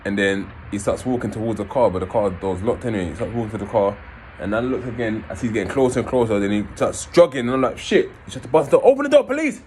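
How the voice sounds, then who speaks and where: A man, casually telling his own story in an animated way, swearing and acting out scenes. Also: fairly low pitch, quick pace, slight background noise. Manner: animated, swearing, acts out scenes in raised voices.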